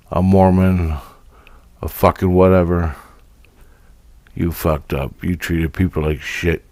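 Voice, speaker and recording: A man's voice: low voice, a little mellow, no echo. A man doing a blunt, stern divine judge. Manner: blunt, profane scolding. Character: stern male divine judge handing out sentences.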